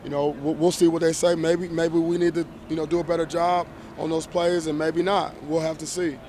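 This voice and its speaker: A man answering reporters as a college football head coach after a game, measured and emphatic, often restarting and repeating phrases. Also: on the high side, flat delivery, warm tone, slight background noise. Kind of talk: post-game press conference.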